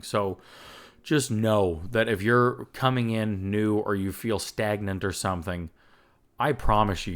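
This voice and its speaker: A man hosting a solo recovery podcast, talking earnestly and with emotion in an upbeat, chatty way, with laughs and fillers. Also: deep voice. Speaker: recovery coach and podcast host.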